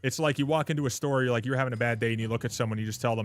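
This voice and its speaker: A male streamer talks loosely to his chat while he plays, at a medium pitch. His delivery is rambling and crude, and he restarts his sentences and leans on filler words as he jokes around. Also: very fast. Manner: rambling, profane, joking with chat. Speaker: gaming livestreamer. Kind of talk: casual livestream chat while gaming.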